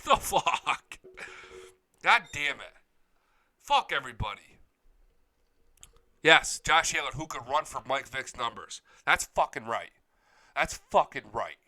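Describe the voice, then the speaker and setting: A man's voice: medium pitch, big pitch swings, takes it slowly, pauses often, sharp tone. A young man hosting a live sports talk show, ranting with heavy profanity and hype. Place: home studio.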